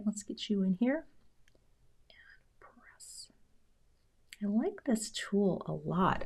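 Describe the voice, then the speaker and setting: A middle-aged woman narrating a casual crafting tutorial, chatty and relaxed, often dropping into a whisper as she concentrates. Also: fairly low pitch. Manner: drops into whispers while concentrating. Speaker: card-making crafter.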